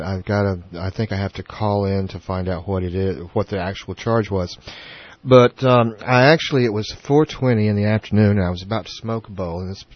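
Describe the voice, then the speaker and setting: A man's voice: lowish voice, no echo, muffled recording. A man guest on a talk show, telling a story hesitantly with many fillers. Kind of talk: casual conversational interview.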